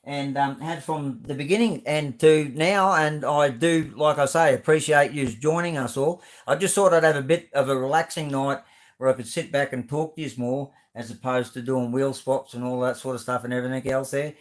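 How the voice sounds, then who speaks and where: A man's voice: mid-range voice, steady tone, normal speed. An Australian man hosting a live stream, chatting casually as he reads out viewer comments, rambling and friendly with plenty of fillers and restarts.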